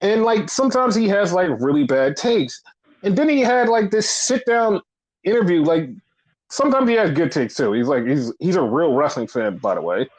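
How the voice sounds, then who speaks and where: Young male podcast co-host, high-pitched, profane rant, filler-heavy. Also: expressive, normal speed. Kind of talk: casual critical rant.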